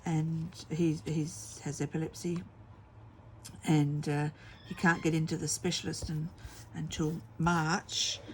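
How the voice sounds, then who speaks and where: A woman's voice: deep voice, flat delivery, takes it slowly, darkish tone, slight background noise. A middle-aged woman, chatting casually and telling rambling stories while she crafts at home. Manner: rambling storytelling with many fillers. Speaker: craft vlogger.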